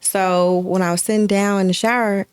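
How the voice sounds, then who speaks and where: A woman's voice: medium pitch, level tone, normal speed, clean tone, dry recording. A woman talking as an interview guest in casual chat, earnest and heartfelt, with many fillers.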